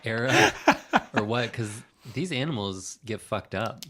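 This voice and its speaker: A man's voice: fairly low pitch, animated, unhurried, pushed and bright. A man co-hosting a casual movie podcast, teasing and dry, swearing freely. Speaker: podcast co-host.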